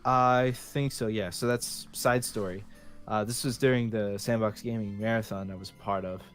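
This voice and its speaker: A man's voice: fairly low pitch, fairly even intonation, moderate pace, faint music behind. A man co-hosting a podcast in easygoing casual chat, steering the conversation. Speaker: podcast co-host.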